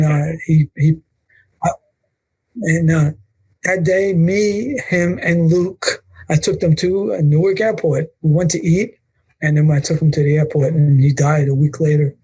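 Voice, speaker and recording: An older man, a wrestling photographer telling animated stories in an interview and acting out other people's lines. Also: on the high side, breathy edge, low-quality recording. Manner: animated storyteller acting out quotes. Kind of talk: storytelling interview.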